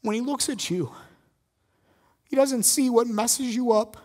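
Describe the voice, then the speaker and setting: A man preaching a sermon as pastor, emphatic, swinging between loud stress and quiet intensity. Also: very high voice, a little slow.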